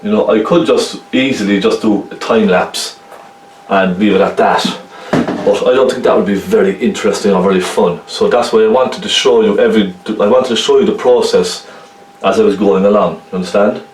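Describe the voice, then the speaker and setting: A man's voice: fairly low pitch, normal speed, echoey room, far from the mic, a little hiss or hum, poor audio. Chatty Cork-accented man teaching painting. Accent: Cork Irish. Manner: chatty, checks in with viewers. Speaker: painting instructor. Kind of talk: casual painting tutorial.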